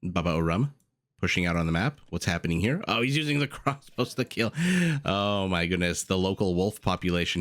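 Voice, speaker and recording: Animated man casting a strategy game. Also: deep voice, normal speed. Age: adult, married with a young child. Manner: animated, rambling, jokey asides. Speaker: game caster. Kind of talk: esports commentary.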